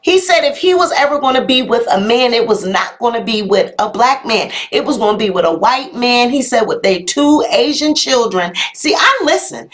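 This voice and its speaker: A woman fronts a live YouTube gossip show, reacting to viewers' comments with plenty of sass and tossing out "honey" and "y'all." Her fairly high, slightly bright voice moves at normal speed with lively intonation and hardly any pauses.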